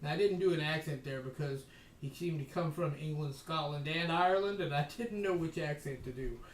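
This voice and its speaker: A man with a high voice reads history aloud in a measured way, slowing on key phrases and adding dry asides of his own. He sits some way back from the microphone. The room is echoey. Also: a little hiss or hum. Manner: measured reading, slows for emphasis, adds wry asides. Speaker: podcast host reading history aloud. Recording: echoey room, voice distant from mic.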